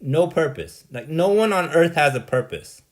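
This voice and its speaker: A man's voice: a little high, animated, moderate pace. A man delivering a rambling, blunt monologue, dismissive and exasperated, often tagging "right?" onto his points. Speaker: vlogger.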